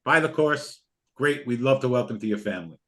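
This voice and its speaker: On a live stream, a trading educator pitches his course in a mid-range voice with lively intonation and a slightly quick pace. He comes across as earnest and openly emotional, repeating himself often.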